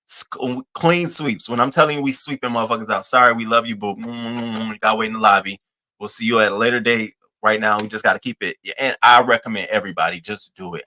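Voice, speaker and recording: Male live-stream host, bright tone, loose profane chatter, playful singsong shout-outs to viewers. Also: medium pitch. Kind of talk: casual live-stream chat greeting viewers.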